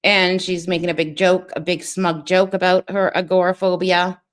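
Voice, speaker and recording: A woman's voice: lowish voice, flat delivery, moderate pace. A woman hosting a reaction video, giving sarcastic commentary over a clip with mocking, dry asides.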